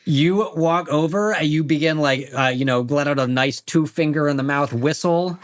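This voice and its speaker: A man narrating as game master of a tabletop game, relaxed and rambling, often laughing. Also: a little high, normal speed, no echo, studio quality.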